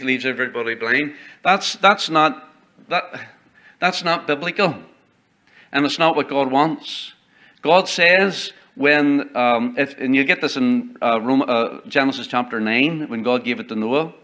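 A man's voice: a little high, normal speed, sharp tone. A man preaching a sermon as pastor in a church, emphatic and quoting old-style scripture. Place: church sanctuary.

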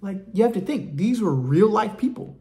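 A man preaching in an emphatic, colloquial way, as if talking straight to his viewers. His voice sits a little high and swings widely in pitch. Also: expressive, normal speed, a little mellow. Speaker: ministry speaker. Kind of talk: informal testimony preaching.

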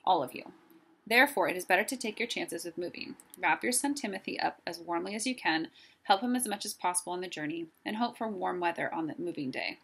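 Storybook owl: old, wise, formal, gravelly and husky, read by a woman. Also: lowish voice, fairly bright tone, heavily acted. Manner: measured, formal and precise.

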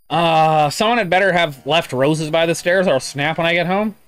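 A man's voice: on the high side, moderate pace, hardly any pauses, a bit bright, clear, resonant tone, no echo. A man live-streaming a game, chatting casually, reading chat aloud and swearing often. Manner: profane, rambling, reads chat aloud.

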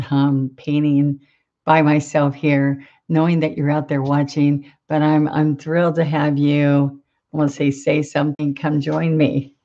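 A woman's voice: low-pitched, warm tone, dull audio. A middle-aged woman with a Southern accent, hosting a live painting lesson in casual chat, greeting viewers by name and laughing often.

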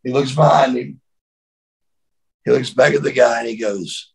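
Middle-aged male interviewee, gravelly and husky, animated storyteller who repeats himself and acts out quotes. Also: medium pitch, normal speed, poor audio. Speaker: interview guest, former wrestler.

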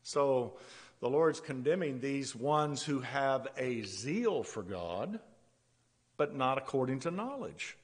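A man preaching a sermon with a halting delivery, repeating words as he goes and laughing softly between points. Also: medium pitch, lively intonation, slightly rough. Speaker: pastor. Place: church sanctuary. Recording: long church-hall reverb.

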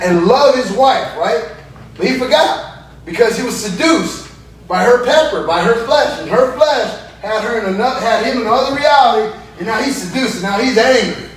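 A man's voice: sits high, normal speed. A man leading a Bible study, teaching animatedly, often checking in with his group and acting out scenes. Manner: lively, checks in with "right?", acts out scenes. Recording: echoey room, mic far off, noisy.

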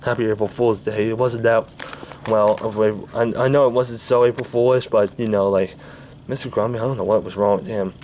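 A man casually wrapping up his video in a relaxed, rambling way. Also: lowish voice, fairly quick, slight background noise. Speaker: video maker.

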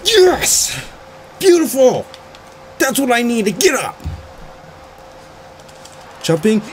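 A man giving excited, frantic commentary while playing a wrestling video game, groaning one moment and yelping the next. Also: very high voice, slow pace, slight background noise. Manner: frantic, swings between groans and yelps. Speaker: gaming channel host.

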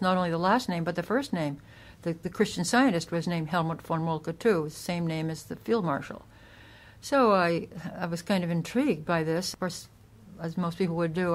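A woman with a fairly low voice speaks as an author guest in a casual interview. She explains history at length, sometimes restarting her sentences as she goes.

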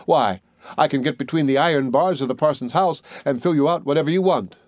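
A tiny, cheeky boy no bigger than a thumb, as a male narrator puts him on, pitched well up above a normal man's voice. He sounds perky and bold, fond of calling out loudly, and the recording is close and dry with no room sound. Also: brisk, dry recording, close to an everyday voice. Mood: chatty.

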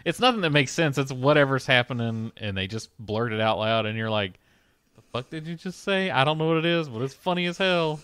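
Smooth-voiced man, laid-back and profane. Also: mid-range voice, expressive, a little fast, few pauses, a bit bright, no echo. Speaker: podcast co-host. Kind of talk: casual chat.

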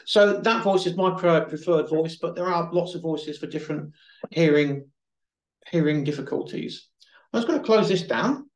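A man leads a webinar and talks people through phone accessibility features. His voice sits a little high and he speaks patiently, sometimes repeating a word before going on. The sound carries in a reverberant room. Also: moderate pace. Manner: patient, explanatory, repeats himself at times. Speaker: webinar presenter. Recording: echoey room.

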